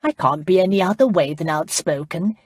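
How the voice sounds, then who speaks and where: A woman's voice: lowish voice, normal speed, breathy edge, no echo, studio quality. A woman playing a blunt, teasing English lady. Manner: teasing, outspoken. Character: lively, blunt English noblewoman in the country.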